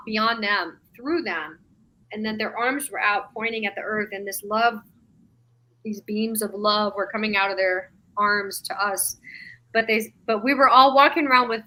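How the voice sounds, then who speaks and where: A middle-aged woman, a podcast guest, recounting an experience in animated, emotional storytelling with quoted dialogue. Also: on the high side, normal speed. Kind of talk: conversational storytelling.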